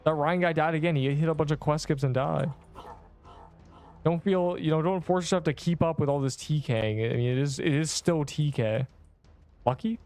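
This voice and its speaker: A man's voice: fairly high pitch, brisk, darkish tone, soft background music. A man in his twenties streaming a game, chatting casually with viewers in a rambling, offhand, slangy way. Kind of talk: casual livestream chat answering viewers.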